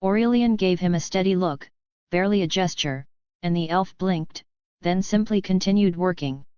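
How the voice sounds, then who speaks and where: A woman narrating a fantasy novel audiobook in a steady, even storytelling manner. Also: lowish voice, normal speed, smooth, no room sound, highs cut off. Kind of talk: scripted narration.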